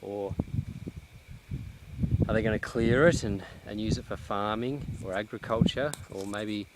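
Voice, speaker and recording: A man vlogging outdoors in a cleared pine forest, talking in a reflective, halting way with many restarts, a little out of breath. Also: fairly low pitch, heavy background noise. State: slightly out of breath. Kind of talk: casual vlog monologue. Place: outdoors in a cut-down pine plantation.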